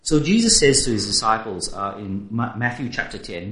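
A man delivering a sermon in a conversational way, often stopping to put questions to his listeners. His voice rises and falls in a lively way. The recording has a noticeable roomy echo. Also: mid-range voice, normal speed, few pauses. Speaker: preacher.

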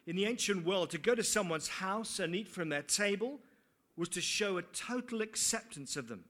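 High, bright-voiced preacher. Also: male voice, animated, moderate pace. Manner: earnest, with rhetorical questions and dry asides. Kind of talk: sermon.

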